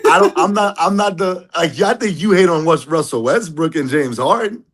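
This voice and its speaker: A man's voice: fairly high pitch, animated, moderate pace, a bit bright. A man hosting a casual sports debate over an online call, teasing his co-hosts, laughing a lot and using slang. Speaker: show host.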